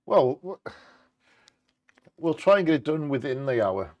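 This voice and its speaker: A man co-hosting a live bingo stream, chatting casually and reading out bird facts with quick jokey asides. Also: a little high, big pitch swings, darkish tone, highs cut off. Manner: jokey, quick asides between read passages.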